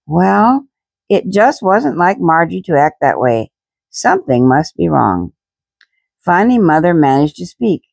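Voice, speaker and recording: A woman reading a children's storybook aloud in a gentle, expressive way. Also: lowish voice, a little slow, creaky, breathy edge, no room sound. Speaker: reader.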